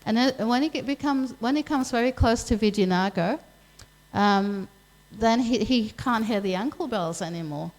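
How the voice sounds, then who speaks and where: In a temple hall, a woman teaches a scripture class, casually retelling a story and voicing each character's lines herself. Her voice sits on the high side, a little mellow, at a moderate pace, though the audio quality is poor.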